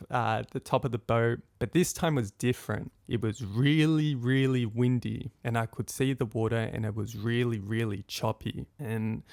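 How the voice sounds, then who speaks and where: Young male podcast host, gravelly voice, dry close recording, animated storyteller who acts out the quotes. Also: mid-range voice, dry recording. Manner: animated, acts out quotes of friends and his own past thoughts. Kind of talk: personal storytelling monologue.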